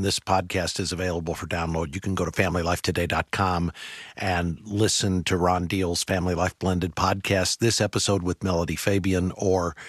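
A man hosting a radio program, introducing clips in a measured, conversational way. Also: low voice, fairly bright tone, slightly rough, dry recording. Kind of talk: broadcast hosting. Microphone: studio microphone. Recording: dry studio mic with faint music.

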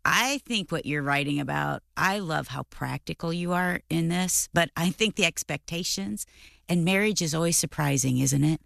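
A woman's voice: sits low, normal speed, creaky, a bit bright, no room sound, studio quality. A woman hosting a casual chat, asking questions and reacting to her guest. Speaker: host.

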